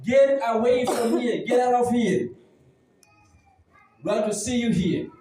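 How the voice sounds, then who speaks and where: A man's voice: extremely high pitch, measured pace, mellow, slight background noise. A man playing an angry, scornful older brother who belittles his younger brother. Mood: scolding. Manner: scolding, belittling. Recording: very echoey church hall, mic at a distance.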